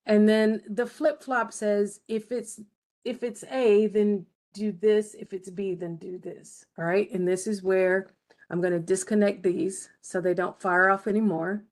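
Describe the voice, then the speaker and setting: A woman's voice: mid-range voice, steady tone, a little slow, a little mellow. A woman teaching a game design class, explaining each step patiently and checking in with her students. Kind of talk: recorded screen-share lesson.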